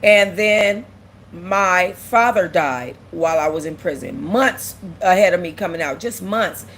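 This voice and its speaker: A little hiss or hum sits under a lowish, slightly bright voice with lively intonation and a measured pace. The speaker is a young woman hosting a casual livestream, emotional and near tears, who repeats herself and reads out and answers viewers' comments.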